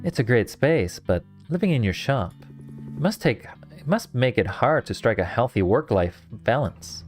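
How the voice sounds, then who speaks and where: A man's voice: mid-range voice, sing-song, unhurried. A man reading the lines of a confident young woman adventurer in an easygoing, teasing way. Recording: faint guitar music behind.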